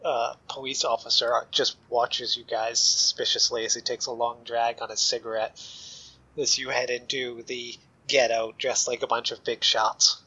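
A man's voice: medium pitch, flat delivery, normal speed, bright, forceful tone, husky. A man narrating scenes as game master of a tabletop role-playing game, in a laid-back descriptive way. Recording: slightly dull lo-fi mic.

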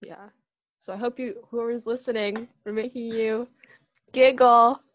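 A woman's voice: a little high, steady tone, moderate pace, highs cut off, slight background noise. A woman co-hosting a casual podcast, talking in a playful, giggly way. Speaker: podcast co-host.

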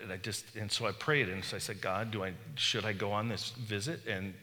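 A middle-aged man preaches a casual, storytelling sermon, poking fun at himself as he goes. His voice sits a little low yet rings bright and forceful. A long reverb trails each phrase, as if he is speaking in a large hall. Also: fairly even intonation, brisk, few pauses. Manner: candid, self-deprecating storytelling with chuckles. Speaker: bishop preaching. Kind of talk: conversational sermon.

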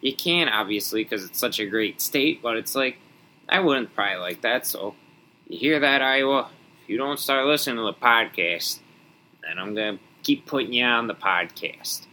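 A man's voice: medium pitch, lively intonation, moderate pace, sharp tone, a little hiss or hum, low-quality recording. A young man from Wisconsin hosting a solo podcast, rambling and joking with mock indignation. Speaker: podcast host.

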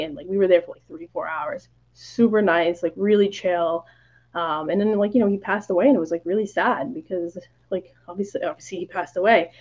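A woman's voice: on the low side, a little mellow. Chatty woman on a lo-fi podcast line. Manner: chatty, many "like" fillers, acts out quoted lines. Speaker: podcast guest. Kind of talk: casual podcast chat.

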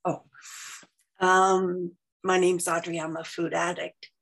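Tearful woman, halting, heartfelt, lowish voice, video call. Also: flat delivery, a bit bright. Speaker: meeting participant. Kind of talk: emotional sharing on a video call.

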